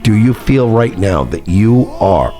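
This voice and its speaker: Man doing a calm businesslike male jail psychiatrist, reassuring, deep voice, faint guitar music. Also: measured pace.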